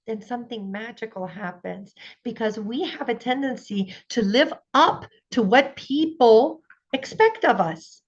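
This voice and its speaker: A woman with a fairly high voice gives an earnest, encouraging parenting talk. She often slips into quoted voices to make her point. The livestream audio comes through muffled and dull. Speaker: parenting speaker. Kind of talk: conference talk.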